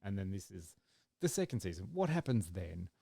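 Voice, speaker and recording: Rambling low-voiced man chatting. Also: moderate pace, gravelly, husky, dry recording, clean studio sound. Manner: rambling, animated, acts out his own reactions. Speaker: podcast co-host. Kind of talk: casual chat.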